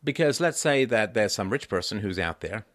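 A man in his fifties hosting a solo livestream, talking in a lively way and jumping up in pitch for emphasis and mock voices. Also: normal speed, no echo, clean studio sound. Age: 50s. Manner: rhetorical repeats, asks "right?". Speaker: livestream host. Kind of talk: solo political commentary.

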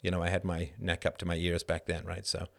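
A middle-aged man hosting a live show, answering chat questions in an animated monologue that keeps tossing in a rhetorical "right?". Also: low voice, fast talker, vocal fry. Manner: animated, frequent rhetorical "right?", laughs mid-sentence. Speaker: host.

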